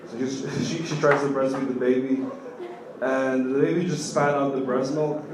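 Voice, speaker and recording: A young man doing a stand-up comedy set on a club stage, telling loose stories full of "like" fillers and getting loud on the punchlines. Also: medium pitch, fairly even intonation, moderate pace. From Kenya. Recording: echoey club audio from far off, with room noise.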